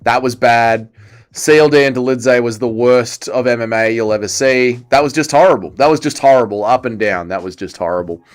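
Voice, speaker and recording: Speaking a little fast at medium pitch, a young Australian man runs a livestream full of profane, mocking fight commentary. He reads chat aloud and replies to viewers as he watches.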